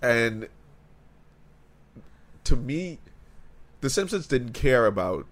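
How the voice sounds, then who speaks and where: A man's voice: medium pitch, sing-song, slow, fairly bright tone. A man from the Bahamas, co-hosting a casual chat, blunt and profane in argument.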